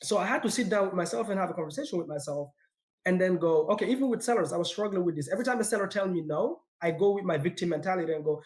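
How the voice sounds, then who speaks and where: Fast-talking man with a foreign accent. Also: sits high. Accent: non-native English accent. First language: not English; speaks four languages. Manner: energetic, emphatic, repeats words when excited. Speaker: podcast guest. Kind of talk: casual podcast conversation.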